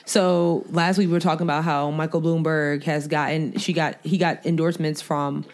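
A woman's voice: deep voice, little pitch movement, normal speed, darkish tone. Chatty woman co-hosting a podcast. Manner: chatty, laughs easily, reads news aloud. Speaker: podcast co-host. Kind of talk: casual chat about politics.

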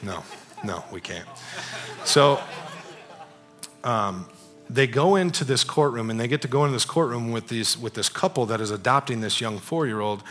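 A pastor, speaking at medium pitch, shares a personal story from a church pulpit, animated and casual in manner. He often repeats phrases and asks, "you know what I'm saying."

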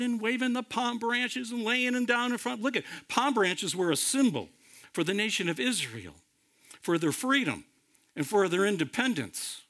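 Male pastor, sermon delivery, lively pitch, fairly high voice, dramatic loud-to-hushed swings. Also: moderate pace. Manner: addresses listeners directly as friends.

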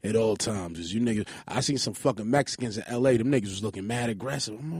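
Animated man with a gravelly, husky voice. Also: fast talker, dry recording, clean studio sound. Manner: animated storytelling, acting out quotes with big pitch swings. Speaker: podcast host. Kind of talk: casual podcast chat.

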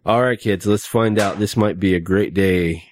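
Rambling low-voiced podcast host man. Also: normal speed, no room sound, clean studio sound. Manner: rambling, with many fillers and restarts. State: speaking after having two back teeth pulled. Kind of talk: casual podcast chat.

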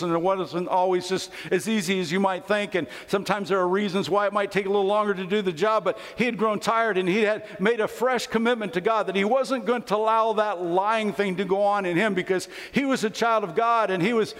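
A man in his fifties preaching a sermon in a church, telling stories in a conversational way. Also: high voice. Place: church sanctuary. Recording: long church hall reverb.

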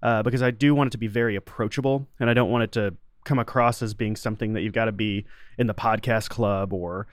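A middle-aged man with a lowish, steady voice talks fast and casually as an interview guest, rambling with lots of restarts and fillers. He's a podcast host and sound designer. The recording is dry and studio quality.

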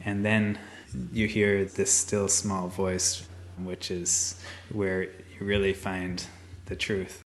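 A man interviewed, speaking in a slow, calm and reflective way. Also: low-pitched, slight background noise.

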